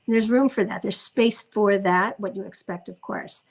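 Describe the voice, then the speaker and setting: Woman coach talking gently about parenting, kinda raspy gravelly voice, slows down on the big words. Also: medium pitch, fairly even intonation, rough recording. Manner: gentle, reflective, slows down for emphasis. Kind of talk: informal teaching talk.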